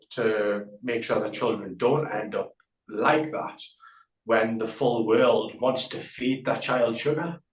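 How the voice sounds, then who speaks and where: A man who is a guest tattoo artist, talking in a measured, reflective way in an interview over a video call. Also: mid-range voice, reverberant, poor audio. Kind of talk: conversational interview.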